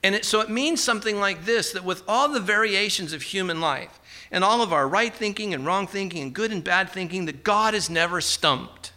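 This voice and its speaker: A man's voice: sits high, normal speed, sharp tone. A man preaching a sermon in a conversational way, with casual asides and tag questions. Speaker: pastor.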